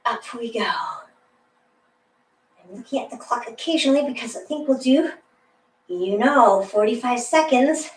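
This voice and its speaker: A woman's voice: on the high side, moderate pace, long pauses, far from the mic. Chatty woman coaching a workout, echoey room. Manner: chatty, encouraging cueing with asides. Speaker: fitness instructor. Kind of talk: live workout instruction.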